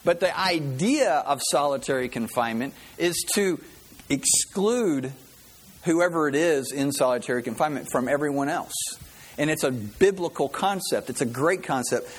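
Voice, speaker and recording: A man's voice: medium pitch, slightly rough. A man preaching a sermon as pastor, a folksy, joking storyteller who greets visitors and tells a funny story before his message.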